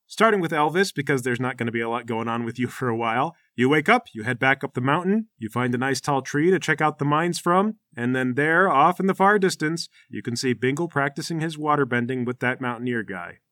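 A man running a tabletop role-playing game as game master, narrating in a relaxed way. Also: medium pitch, fairly quick, hardly any pauses, no room sound, clean studio sound.

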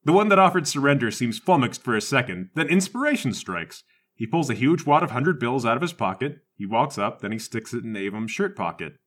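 A man narrating a tabletop game as game master, in a playful, animated way. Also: mid-range voice, brisk.

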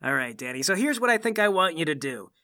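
A man's voice: fairly high pitch, big pitch swings, quick pace, sharp tone. A man voicing a veteran male superhero who talks in an easygoing, encouraging, fatherly way. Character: veteran male superhero, gruff but kind mentor.

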